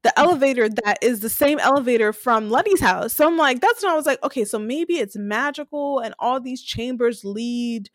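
A young woman with a slightly high voice chats casually as a podcast co-host. She retells scenes with animated bursts and acted-out quotes. The sound is dry and close. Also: moderate pace, hardly any pauses, no room sound. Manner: animated retelling, acting out characters' lines. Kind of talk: casual recap chat.

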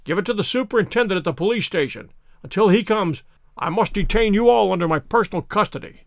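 A man voices a cold, masterful detective who gives clipped, authoritative orders. The voice sits fairly high for a man and is recorded dry and close. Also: lively intonation, quick pace, creaky, dry recording. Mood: commanding. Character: cold, commanding male detective. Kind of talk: audiobook character reading.

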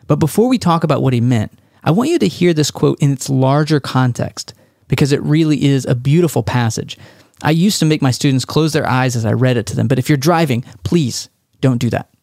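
A man's voice: mid-range voice, animated, brisk, gravelly, a little mellow, no room sound, clean studio sound. Wry male podcast host. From Texas. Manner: conversational, wry. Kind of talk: podcast monologue.

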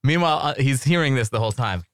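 A man's voice: mid-range voice, animated, quick pace, no room sound, clean studio sound. A man co-hosting a podcast, laughing often and riffing with teasing questions. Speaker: podcast co-host. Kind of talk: casual comedic podcast chat.

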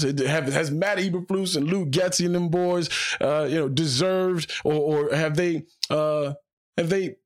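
A man hosting a solo sports podcast, his voice sitting a little higher than most men's. He talks in a fired-up, emphatic way and hammers his points home by repeating phrases.

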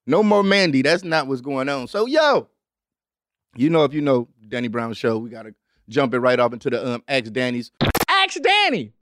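A young adult man hosting a show, telling a rambling, profane story in an animated way and acting out other people with big jumps in pitch. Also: moderate pace, dry recording, studio quality. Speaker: host. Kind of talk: storytelling monologue.

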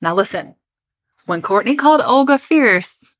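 A woman's voice: a little high, expressive, a little slow. A woman co-hosting a podcast, chatting casually and telling a history story, laughing often and joking about her pronunciation. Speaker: podcast co-host.

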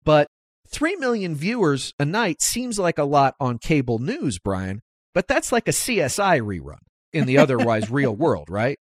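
A man hosting a political talk podcast, speaking emphatically and climbing in pitch as he drives his points home. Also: normal speed, no room sound, clean studio sound. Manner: animated, emphatic, rises sharply when making points. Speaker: podcast host. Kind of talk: conversational political interview.

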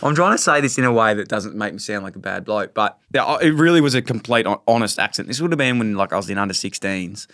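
A man's voice: on the low side, expressive, fast talker, hardly any pauses, a bit bright. Easygoing Australian man telling anecdotes. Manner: easygoing, rambling anecdotes with laughs. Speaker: podcast co-host. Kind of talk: casual chat.

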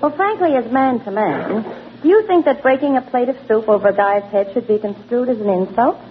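A woman's voice: fairly high pitch, animated, brisk, a little hiss or hum. A woman guest star in a 1940s radio comedy, delivering brassy wisecracks. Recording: tinny lo-fi old radio broadcast.

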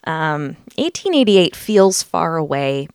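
This podcast host from the US sits low in pitch yet sounds very animated, speaking slowly with a clean tone. The studio sound is clean with no echo. She chats casually and lays out facts, using fillers frequently.

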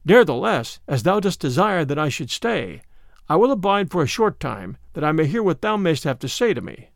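A soft-spoken young stranger, gentle and faintly teasing, as a male reader puts him on. His voice sits fairly high and moves in an animated way. The sound is close and dry. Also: normal speed, gravelly, dry recording. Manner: soft, gentle, mildly mocking.

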